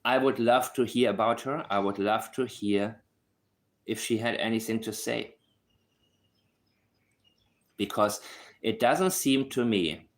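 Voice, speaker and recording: A man with a non-native accent picking apart a case in a casual talk to camera. He is sarcastic and emphatic, circling back to hammer the same points. His pitch sits in an ordinary middle range. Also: a bit bright. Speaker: true-crime commentator.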